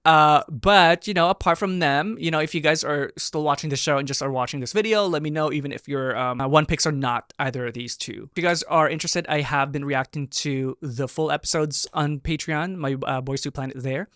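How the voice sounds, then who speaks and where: A young man hosting a reaction video, excitable and gushing, breaking into bursts of shouting and laughter as he breaks down a dance performance. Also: a little high, fairly quick, hardly any pauses, dry recording, studio quality. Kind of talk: animated reaction commentary.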